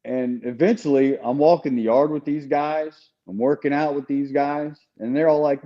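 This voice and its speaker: A man's voice: mid-range voice, steady tone, moderate pace, hardly any pauses, dark tone, dull audio. A man telling a story in casual podcast chat, talking conversationally with frequent restarts. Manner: conversational, with repeated restarts and "you know". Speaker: podcast guest.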